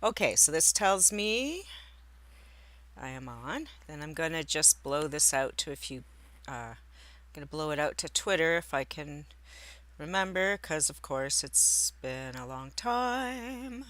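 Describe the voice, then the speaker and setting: A woman with a bright, forceful voice chats on a live stream from home. She rambles and cuts herself off mid-thought as she fiddles with her setup, talking half to viewers and half to herself. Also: low voice, expressive, unhurried. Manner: rambling, self-interrupting, talking to herself while setting up. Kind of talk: casual live-stream chat. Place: indoors at home by a window.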